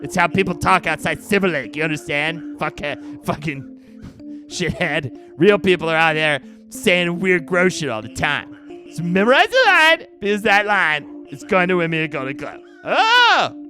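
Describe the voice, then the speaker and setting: A man's voice: big pitch swings, normal speed, bright, forceful tone, soft background music. A man voicing a crude, arrogant male film director who insults everyone around him. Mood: rude. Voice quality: high, brash, sneering.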